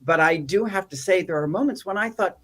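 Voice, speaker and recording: A woman guest in a casual interview, telling funny stories with animated delivery and acted-out quotes. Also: on the low side, fairly quick, husky. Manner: animated, comic storyteller who acts out quotes. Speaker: actor and activist guest.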